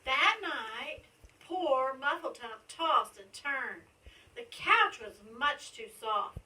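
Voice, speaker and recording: A woman reading a rhyming picture book aloud in a sing-song, animated way, in a school library. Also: high-pitched, slow, slight background noise. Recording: distant mic.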